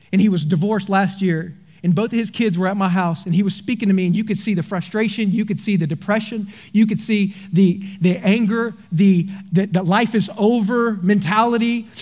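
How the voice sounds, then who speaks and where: A man preaching a sermon as pastor, telling a story with animated energy and then dropping into quiet, earnest appeals. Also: high-pitched.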